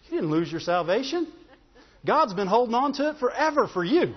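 A man's voice: very high-pitched, big pitch swings, brisk, breathy edge. A man preaching a sermon as pastor. He is emphatic and conversational, with joking asides and calls for an "amen" from the congregation. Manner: emphatic preaching with audience call-outs. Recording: echoey hall, dull lo-fi sound.

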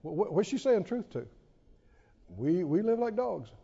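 Man preaching, high voice, swoops up and down a lot, tells stories and chuckles. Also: measured pace, gravelly, husky, in a large hall, dull audio. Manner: storytelling, animated, chuckles often. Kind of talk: sermon.

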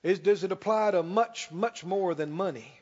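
A man preaching a sermon as pastor, emphatic, slowing down and rising on key lines. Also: high-pitched, a little mellow. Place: church sanctuary. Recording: dull sound with long hall reverb.

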